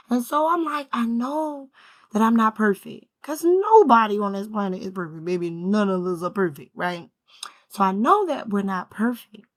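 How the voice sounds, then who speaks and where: A heartfelt woman reflects aloud on her own healing, one question after another, and checks in with "right?" as she goes. Her voice sits at an ordinary middle pitch and swings between lifted urgency and soft, low-voiced confession, close to tears at times. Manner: heartfelt, repeats "right?", asks herself questions. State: emotional, near tears at times. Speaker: spiritual vlogger. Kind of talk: reflective personal talk to camera.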